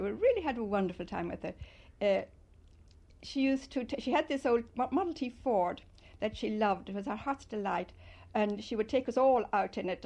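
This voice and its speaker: An older woman from Ireland, fondly recalling her childhood in an interview and telling it in an animated way. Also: mid-range voice. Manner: fond, animated storytelling with loud mimicry. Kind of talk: reminiscing interview.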